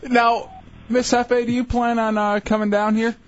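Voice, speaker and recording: A man's voice: very high voice, level tone, unhurried. A man co-hosting a radio show, making teasing jokes. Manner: teasing, joking. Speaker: radio co-host. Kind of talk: teasing banter. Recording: dull lo-fi radio audio.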